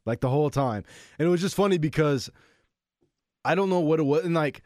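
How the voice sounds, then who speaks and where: A man's voice: on the high side, a little fast, pauses often, darkish tone, dry recording, clean studio sound. A man co-hosting a casual sports podcast, a former college football player who tells stories with energy and acts out his own quotes.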